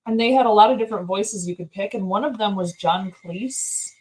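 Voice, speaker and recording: A woman's voice: mid-range voice, fairly quick, poor audio. A woman co-hosting a casual chat, telling amused anecdotes.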